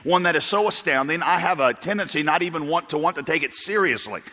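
In a church auditorium with the long reverb of a big hall, a male pastor preaches and tells amusing stories, rambling and chuckling with restarts. His voice is fairly high, expressive, quick, bright, and forceful.

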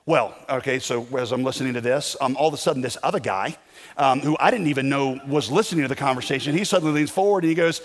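A man's voice: medium pitch, quick pace, in a large hall. A male pastor telling a personal story in a casual, self-deprecating sermon style.

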